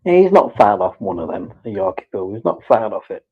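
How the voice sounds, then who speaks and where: A man's voice: on the low side, big pitch swings, fairly quick, slightly rough, lo-fi sound. A man chatting casually on a live stream, rambling and swearing as he teases his pet.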